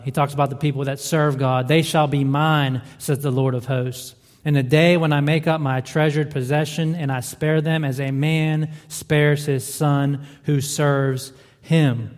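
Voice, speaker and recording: A male pastor delivering a sermon, building emphasis with repeated rhetorical questions. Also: a little high. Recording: reverberant hall.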